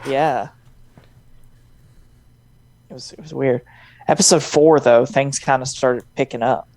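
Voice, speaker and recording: A woman's voice: extremely low pitch, steady tone, measured pace, darkish tone, dry recording. A woman co-hosting a podcast, rambling and laughing often in casual chat. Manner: rambling, laughs often, drops into jokey voices. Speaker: podcast co-host.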